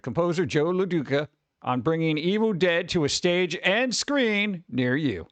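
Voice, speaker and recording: Stream host, male, a bit high-pitched, dry close mic, rambly and quick to grumble. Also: animated, a bit bright, no room sound, muffled recording. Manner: rambling, exclaims and grumbles at tech trouble. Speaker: livestream host. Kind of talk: casual live-stream chat.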